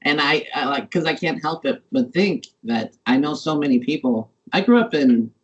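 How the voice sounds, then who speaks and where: A man from Montana hosting a podcast, talking casually and haltingly as he searches for words. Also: on the high side, lively intonation, breathy edge, muffled recording. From Montana, USA. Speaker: podcast host. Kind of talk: casual interview conversation.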